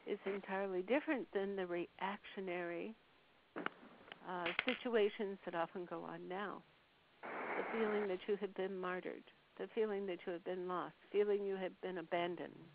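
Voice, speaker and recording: A woman channeling a spirit's words on a phone call, speaking in a slow, measured, soothing way with long pauses. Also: medium pitch. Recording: tinny phone line with faint hiss.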